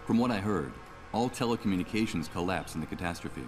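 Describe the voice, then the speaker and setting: A sardonic video game hero with a very low voice that rises and falls expressively. Game music plays clearly behind him. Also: male voice, lively intonation, fast talker. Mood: musing. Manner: wry, sardonic. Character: sardonic troubled man, protagonist. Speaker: game protagonist. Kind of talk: video game voice acting, inner monologue.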